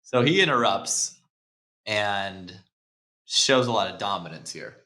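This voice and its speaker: A man's voice: lowish voice, expressive, slow pace, bright, forceful tone. A man hosting a podcast, breaking down movie scenes in casual chat, laid-back, swearing and laughing often. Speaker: podcast host. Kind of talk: casual film-analysis chat.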